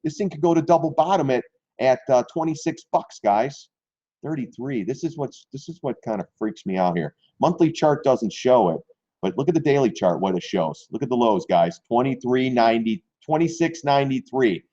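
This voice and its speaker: Man, live chart breakdown, blunt and excitable, crude slang, dark mellow tone, dull lo-fi audio. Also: medium pitch, normal speed. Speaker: stock trading streamer.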